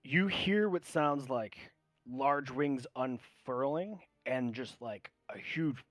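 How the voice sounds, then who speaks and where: Male game master, casual scene-setting, mid pitch, dry close recording. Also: slow pace, a bit bright, no echo. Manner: loose, filler-heavy description. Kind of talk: narrating a tabletop game.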